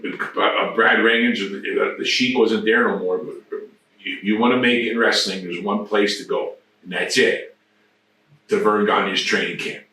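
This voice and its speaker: A man in his sixties, guesting on an interview, tells rambling, profane anecdotes in casual storytelling fashion. His voice is fairly low and a bit bright, captured by a distant mic in a very echoey room.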